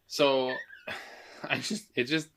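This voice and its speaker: Bright-voiced man ranting about a movie. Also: mid-range voice, slow pace, a little hiss or hum. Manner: opinionated, animated rants. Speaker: podcast co-host. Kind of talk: casual movie-review chat.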